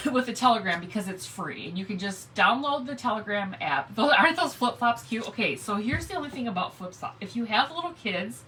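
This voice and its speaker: A woman's voice: fairly high pitch, lively intonation, a little fast, pushed and bright, recorded from a distance, a little hiss or hum, rough recording. A woman hosting a live craft stream, chatting casually and greeting viewers by name as she works. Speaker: craft livestream host.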